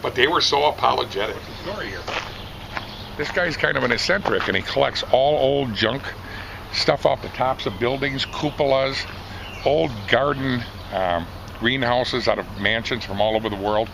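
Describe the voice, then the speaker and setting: Gravelly middle-aged man spinning a yarn. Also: mid-range voice, moderate pace, background noise. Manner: animated, rambling, acts out the story. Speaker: storyteller at a barbecue contest. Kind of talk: casual anecdote telling. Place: outdoors at a barbecue competition.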